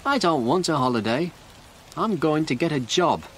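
Eager teenage boy, higher and brighter, read by a male narrator. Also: expressive, moderate pace, slight background noise, close to an everyday voice. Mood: earnest. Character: young man of seventeen, restless and eager.

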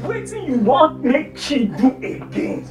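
A pleading, indignant Nigerian relative, lively voice over clear film score. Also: high-pitched, unhurried, soft background music. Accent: Nigerian Pidgin English. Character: relative defending a grieving widow. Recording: film score under the dialogue.

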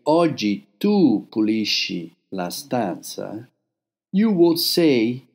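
A man explaining grammar in a recorded language lesson, patient, with pauses between phrases. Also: medium pitch, darkish tone. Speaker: language teacher.

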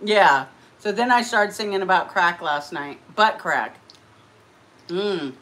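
A woman's voice: on the low side, lively intonation, slow, fairly bright tone. Chatty woman eating cake on a stream, takes her time talking, giggles a lot. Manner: chatty, giggly, talks to viewers and friend. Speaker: mukbang livestream host. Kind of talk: casual livestream chat while eating.

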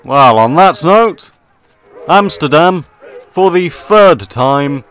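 A man's voice: on the high side, lively intonation, slow, a bit bright. A man giving in-character gameplay commentary, with mock-pompous officer-style banter. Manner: mock-pompous upper-class officer banter, laughs at own jokes. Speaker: gaming video creator. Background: faint background music.

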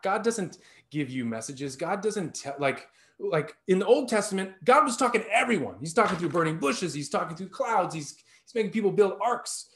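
A man in his thirties tells a personal story from the pulpit of a church sanctuary. His voice sits a little high, and he speaks earnestly, with restarts and with rises when he stresses a point. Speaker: lay preacher.

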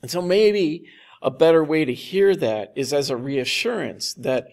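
Gravelly-voiced pastor preaching a sermon. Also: male voice, fairly high pitch, animated, darkish tone. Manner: conversational, with slow, emphatic repetition.

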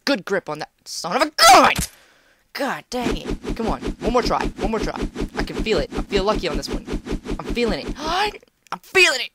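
A woman's voice: medium pitch, very animated, moderate pace, fairly bright tone, breathy edge. A young woman commentating a game at home, talking to the screen with playful outbursts and teasing. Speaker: gameplay commentator. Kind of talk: casual let's-play commentary. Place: home room.

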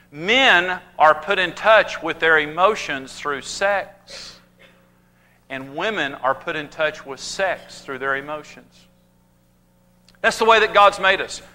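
A man teaching on marriage with humor, telling stories and acting out the people in them. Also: high voice. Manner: animated storytelling, acting out quoted voices.

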